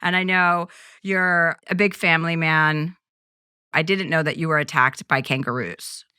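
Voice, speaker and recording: A woman's voice: low voice, fairly even intonation, a little slow, sharp tone, clear, resonant tone. A middle-aged woman hosting a casual talk show, teasing her guest and laughing often. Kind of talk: casual chat.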